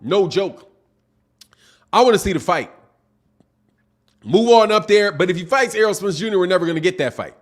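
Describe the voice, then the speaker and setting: Middle-aged man, high voice, animated slangy boxing streamer who needles viewers. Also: moderate pace, long pauses. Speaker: boxing channel host. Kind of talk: livestream commentary with chat shout-outs.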